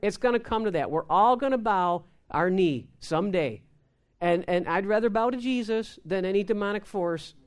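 A woman's voice: medium pitch, lively intonation, moderate pace. A woman giving an informal sermon, often repeating words and acting out quoted prayers. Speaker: preacher.

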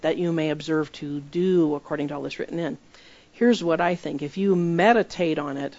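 A middle-aged woman preaching a sermon and leading a guided visualization, acting out voices in the story. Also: a little mellow. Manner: leads guided visualization, acts out quoted voices with rising pitch. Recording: dull lo-fi recording.

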